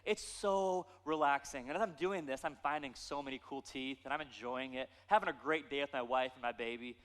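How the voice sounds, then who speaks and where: A man, a pastor preaching a sermon with animated, playful storytelling. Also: mid-range voice, brisk, long reverb tail.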